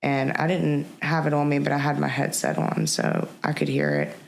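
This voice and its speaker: Appearing as a guest on a podcast, a woman shares a personal story in a heavily gravelly, creaky voice. Her pitch swings up and down in a sing-song way, and she speaks haltingly and reflectively, often pausing and starting over.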